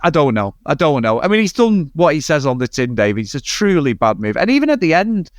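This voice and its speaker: A man's voice: a little high, very animated, fairly quick, no echo, clean studio sound. A man co-hosting a casual film review podcast, ranting in exasperation about a bad movie and swearing freely. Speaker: podcast co-host.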